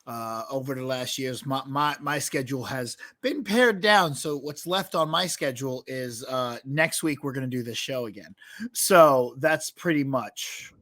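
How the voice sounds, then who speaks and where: A man's voice: medium pitch, unhurried, a bit bright, a little hiss or hum. A male podcast co-host in casual comedic chat, teasing and laughing often.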